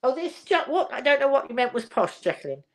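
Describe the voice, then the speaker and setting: A woman's voice: high voice, very animated, fairly quick. Older english lady chatting away on her home livestream, rambly, laughs a lot, reads out comments. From England. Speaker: livestream host. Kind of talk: casual live chat reading viewer comments.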